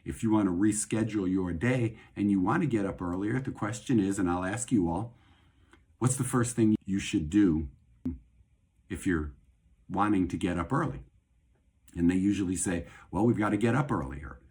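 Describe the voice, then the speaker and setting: A middle-aged male host speaks in a low, slightly breathy voice. His talk is casual and rambling, and he restates his ideas over and over as he goes. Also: normal speed, pauses often, a little mellow. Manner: rambling, conversational, repeats phrases for emphasis. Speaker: host and doctor. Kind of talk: casual talk on faith and health.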